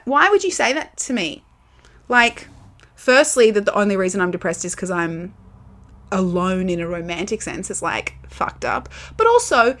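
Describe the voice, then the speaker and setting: A woman's voice: medium pitch, fairly bright tone. A young Australian woman hosting a solo podcast, talking candidly and casually with lots of fillers and the odd swear word. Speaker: podcast host. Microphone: camera with built-in mic.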